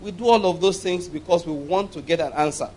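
Male pastor, fairly high-pitched, emphatic and repetitive sermon delivery. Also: a little fast, a little mellow. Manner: emphatic, repeats and asks the audience to follow. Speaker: preacher.

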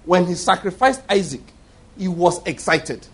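Husky-voiced male preacher, emphatic storyteller. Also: fairly high pitch, lively intonation, normal speed. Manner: emphatic storytelling preacher who acts out quoted speech. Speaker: pastor. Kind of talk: sermon.

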